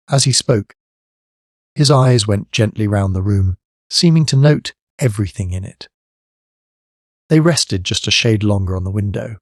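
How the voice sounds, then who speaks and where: Low-voiced male audiobook narrator. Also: no echo, studio quality. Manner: even, measured storytelling. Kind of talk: scripted narration.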